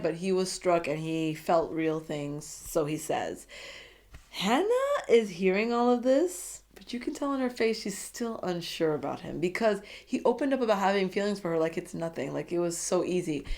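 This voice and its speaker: A woman's voice: on the low side, lively intonation, moderate pace, darkish tone. A woman giving a casual recap of a reality show, gushing and dramatic as she talks straight to her viewers.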